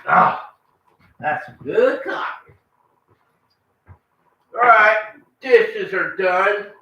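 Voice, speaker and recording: Extremely slow yet expressive, a man with a high, bright, forceful voice rambles on a live home vlog in a folksy Southern drawl, cooing baby talk to his dogs. He's in his kitchen and on the porch, with a muffled, echoey recording and faint background noise.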